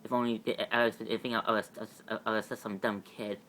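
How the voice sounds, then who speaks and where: A man voicing an excitable, panicked young mutant girl in a fan-made superhero audio drama, stammering and pleading in a raised voice. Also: fast talker, slight background noise. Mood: fond. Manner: high, breathless pleading, stammering.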